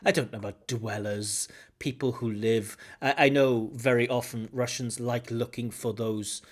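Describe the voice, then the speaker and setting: A man's voice: medium pitch, steady tone, normal speed. A man giving feedback on a speaking test, explaining points and repeating phrases aloud to model intonation. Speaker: IELTS examiner giving feedback. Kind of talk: teaching commentary.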